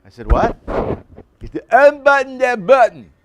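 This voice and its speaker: A man's voice: very high voice, wildly swooping pitch, normal speed, noisy background, voice pushed up, full character voice. An older pastor voicing a blunt, insistent man in his thirties who gives abrupt commands and asks pointed questions. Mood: commanding.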